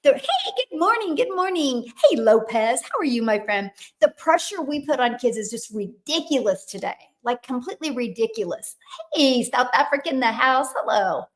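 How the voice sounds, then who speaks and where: An energetic woman in her fifties is hosting a live stream in a casual, chatty way. Her voice sits high, and she keeps it lively as she greets viewers by name and talks straight to them. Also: moderate pace. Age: 50s. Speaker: livestream host.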